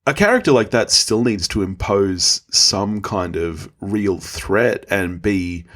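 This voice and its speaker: A man's voice: fairly low pitch, animated, takes it slowly, a bit bright. A man talking as a guest on a podcast in casual chat, easygoing and frank with his opinions.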